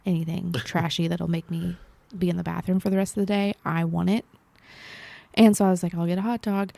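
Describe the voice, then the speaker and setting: Young woman podcast co-host, casual chat, lively self-deprecating storyteller, dry close mic. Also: fairly low pitch, dry recording. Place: library recording room.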